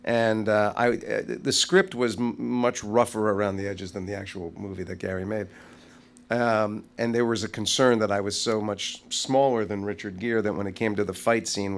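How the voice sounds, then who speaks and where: Animated middle-aged man telling stories. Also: lowish voice, fairly quick, slight background noise. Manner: animated, self-deprecating, acts out voices in his stories. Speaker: guest actor. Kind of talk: anecdotal storytelling. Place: live stage before an audience.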